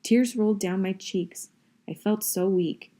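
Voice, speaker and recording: A woman's voice: mid-range voice, unhurried, warm tone. A woman reading a novel aloud in a wry, conversational first-person voice. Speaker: reader. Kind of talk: audiobook-style reading of a novel.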